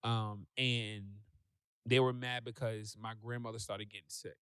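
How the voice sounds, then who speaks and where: A man, a guest on a talk show, telling a personal story in a lively way and acting out what people said. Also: medium pitch, a little slow, smooth, dry recording. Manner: animated, acts out quoted voices. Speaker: podcast guest.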